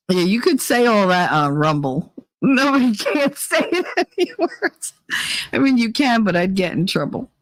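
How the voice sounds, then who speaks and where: A woman's voice: sits low, dry recording. A woman hosting a livestream in casual chat, blunt and rambling, swearing freely. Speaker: livestream host.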